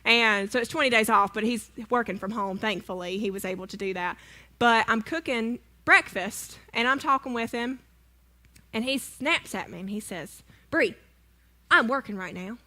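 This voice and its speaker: Bright woman telling church stories. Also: fairly high pitch, moderate pace. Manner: chatty, self-deprecating, asks audience questions. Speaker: speaker at church service. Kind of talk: humorous personal story sermon. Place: church sanctuary.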